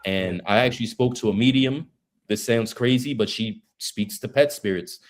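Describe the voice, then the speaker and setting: A man's voice: medium pitch, normal speed. A man speaking as an interview guest, earnest and open, in casual slang.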